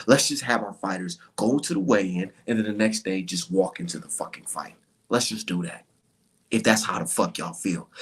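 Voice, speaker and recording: Heated, husky man ranting. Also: on the low side. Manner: profane, mocking, switches to whispery mock voices. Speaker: boxing commentary vlogger. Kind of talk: heated casual rant.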